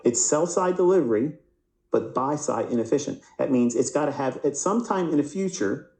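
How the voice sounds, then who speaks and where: A man's voice: mid-range voice, lively intonation, moderate pace, dark tone. Echoey-voiced man teaching chart trading. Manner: rhetorical questions, answering himself; repeats words, restarts mid-sentence. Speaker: trading instructor. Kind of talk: live market lecture over charts.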